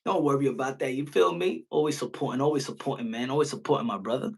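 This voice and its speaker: A man's voice: mid-range voice, fast, vocal fry, slightly rough. A man hosting a boxing live stream, talking animatedly and crudely and slipping into mocking impressions.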